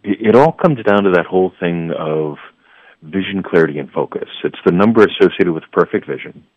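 Guest: very deep-voiced man, rambling storyteller with stammered restarts, heard over a tinny dry phone line. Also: lively intonation, fairly quick, dry recording. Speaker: guest, life coach. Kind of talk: radio interview.

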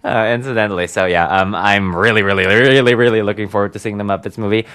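Man, community radio host, very low pitch, chatty, giggly, rambling. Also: fairly even intonation, quick pace, a bit bright, clear, resonant tone. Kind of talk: casual radio chat.

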